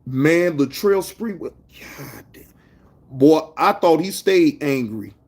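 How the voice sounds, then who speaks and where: Speaking slowly in a fairly high voice, this man hosts a casual livestream and addresses his chat directly. He's lively and slangy, shouting out viewers by name in between stories.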